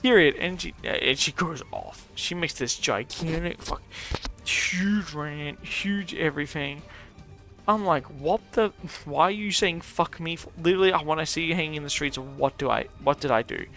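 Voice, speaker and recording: A man's voice: on the high side, moderate pace, vocal fry, sharp tone. A young man, casually telling a story while gaming, rambling and swearing with lots of fillers. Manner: rambling and profane, many fillers. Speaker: streamer. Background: faint music.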